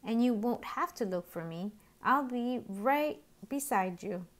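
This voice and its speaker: A woman's voice: a little high, expressive, a little slow. A woman doing a chirpy little bird. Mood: reassuring. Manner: chirping, upbeat.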